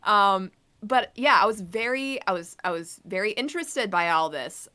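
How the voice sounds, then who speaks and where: A woman co-hosting a podcast, chatting casually about a show with a halting, filler-heavy manner. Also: mid-range voice, lively intonation, sharp tone. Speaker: podcast co-host. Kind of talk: casual review chat.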